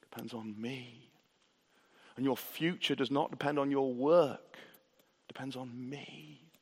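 A preacher voicing God, soft and reassuring. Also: male voice, mid-range voice, fairly even intonation, moderate pace, close to an everyday voice. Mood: tender. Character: God speaking tenderly to his people. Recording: reverberant hall.

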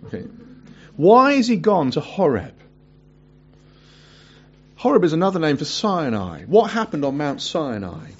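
A man preaching a sermon who asks his listeners questions and reads scripture aloud in a hushed voice. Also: on the high side, slightly rough. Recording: dull lo-fi recording.

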